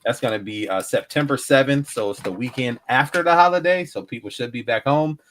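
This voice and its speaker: A man's voice: medium pitch, fairly quick, fairly bright tone, slight background noise. A man co-hosting a casual podcast, making announcements in an easygoing way, with fillers and laughter. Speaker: podcast co-host, charity organizer.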